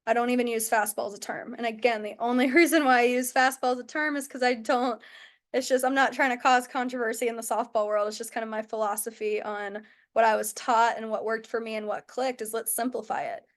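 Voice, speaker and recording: Young woman coach, kinda high voice, chatty and talky, keeps saying like. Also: steady tone, brisk. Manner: chatty, lots of "like" and "oh my goodness". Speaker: softball pitching coach. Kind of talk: casual coaching talk with storytelling.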